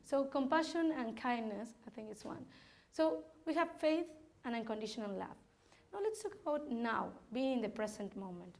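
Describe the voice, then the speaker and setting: A woman's voice: on the high side, lively intonation, moderate pace, darkish tone. A woman from Argentina, speaking candidly to parents in a workshop, laughing often and restarting her sentences. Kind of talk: informal talk to parents.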